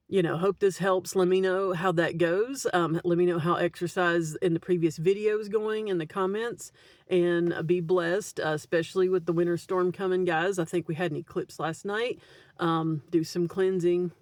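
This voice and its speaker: A woman's voice: on the low side, no room sound. Blunt, swearing woman giving spiritual advice. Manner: blunt, swears freely, keeps adding "right?". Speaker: spiritual vlogger. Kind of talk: casual spiritual advice to camera.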